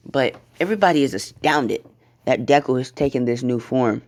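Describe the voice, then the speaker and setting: A man's voice: medium pitch, animated, normal speed. A man casually narrating an improvised fan story, swearing often and acting out the lines. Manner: casual, swears a lot, acts out quotes.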